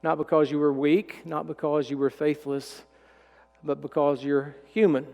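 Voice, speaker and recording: A middle-aged man preaching a sermon, telling a personal story in a folksy way and dropping to a hushed voice when he is moved. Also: a little high, flat delivery, moderate pace, vocal fry. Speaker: pastor. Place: church sanctuary. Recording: reverberant church sanctuary.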